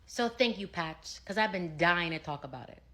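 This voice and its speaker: A woman's voice: on the low side, lively intonation, normal speed, fairly bright tone. A woman who works in car sales, answering comments in an assertive, opinionated social media monologue. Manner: assertive, argumentative.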